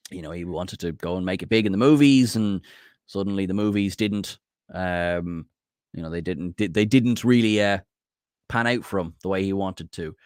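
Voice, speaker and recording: Hesitant low-voiced man chatting. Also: no echo, clean studio sound. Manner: hesitant, filler-heavy talk. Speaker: podcast co-host on a charity stream. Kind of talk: casual chat.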